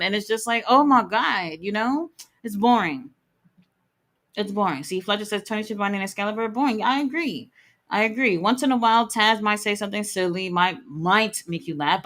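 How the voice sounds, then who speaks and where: Her mid-range voice is a bit bright and a little fast as she hosts a live wrestling watch-along. The woman keeps it casual, reading chat aloud and offering blunt, opinionated takes that sometimes include a curse.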